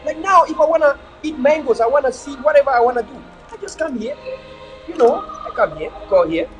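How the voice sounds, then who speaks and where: A man's voice: very high voice, animated, fairly quick, soft background music, poor audio. A man with a Cameroonian English accent, talking casually to viewers as a motivational speaker, repeating words for emphasis and filming outdoors on a phone. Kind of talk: casual livestream talk to viewers. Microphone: phone camera he turns himself.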